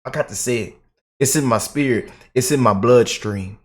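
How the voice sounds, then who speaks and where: A man's voice: mid-range voice, moderate pace. A man hosting a casual online commentary video, hyped up and repeating himself. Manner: hyped, repeats himself, quotes imagined critics. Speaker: commentary channel host.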